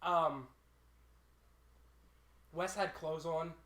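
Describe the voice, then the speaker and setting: Podcast co-host, male, high and sharp-toned, animated raconteur, echoey room. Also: extremely slow. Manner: animated storyteller who acts out his friends' lines. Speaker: podcast co-host telling a story. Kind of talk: casual group chat. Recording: roomy room echo.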